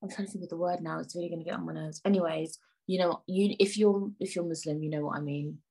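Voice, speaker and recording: Chatty young woman, husky and low. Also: fairly even intonation, fast talker, dark tone. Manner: chatty, rambling, playfully indignant. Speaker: podcast host. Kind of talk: casual solo podcast chat.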